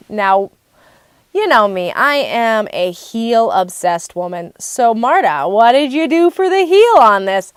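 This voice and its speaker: A woman's voice: on the high side, takes it slowly, clean tone, dry recording. Bubbly woman hosting a craft podcast. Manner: bubbly and excitable. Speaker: podcast host. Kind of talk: casual chat.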